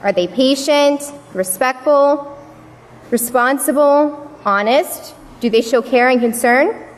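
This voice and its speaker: A woman's voice: sits high, slow pace. A young woman giving a personal story speech at a church service, acting out what people said along the way. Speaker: youth speaker at a church service. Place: large worship hall. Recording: long reverb of a large hall.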